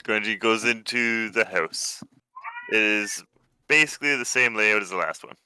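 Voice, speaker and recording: Male game master, low-ish, very bright crisp voice, dry close mic, relaxed hesitant delivery. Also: moderate pace, no room sound. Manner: relaxed, hesitant descriptions with many fillers. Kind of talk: narrating a tabletop game over voice chat.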